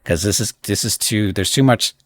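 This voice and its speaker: A man's voice: fairly low pitch, normal speed. A middle-aged man streaming live, rambling through a games list with opinionated asides to chat. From United States. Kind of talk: casual live-stream commentary.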